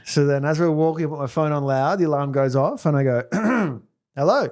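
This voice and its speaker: A man's voice: fairly high pitch, steady tone, fast talker, a little mellow, clear, resonant tone. A man, co-hosting a podcast, teasing his friend and acting out scenes in his stories. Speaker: podcast co-host. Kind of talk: casual banter.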